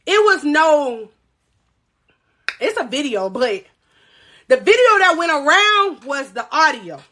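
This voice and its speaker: High, lively young woman telling stories. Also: slow. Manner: animated, profane, addresses viewers directly. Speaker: livestream host. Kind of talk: livestream storytime.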